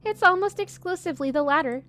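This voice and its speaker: A woman's voice: extremely high pitch, quick pace, fairly bright tone, faint music behind, voice pushed up. A woman voicing a sardonic, teasing cafe barista in a game, dry and mocking, with a put-on Australian accent.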